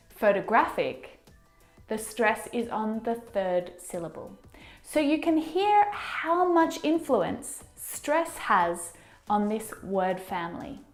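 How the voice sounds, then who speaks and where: Brief: woman pronunciation teacher, unhurried, models each word, echoey room, soft music behind. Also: on the high side. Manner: slow, deliberate, models words by repeating them. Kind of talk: English pronunciation lesson.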